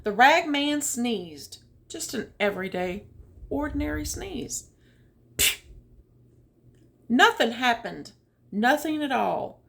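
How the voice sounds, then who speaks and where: A woman reading a children's picture book aloud, with chatty, animated asides about the pictures. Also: a little high, slow, vocal fry. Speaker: storytime reader. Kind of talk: children's read-aloud with commentary.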